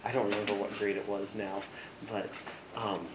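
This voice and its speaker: A man's fairly low, even-toned voice at a moderate pace belongs to a teacher chatting informally with his class, full of ums and false starts. It was captured in an echoey school classroom with heavy background noise.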